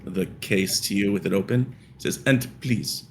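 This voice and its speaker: Low-voiced man narrating as game master. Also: fairly quick, slight background noise. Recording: clear music behind.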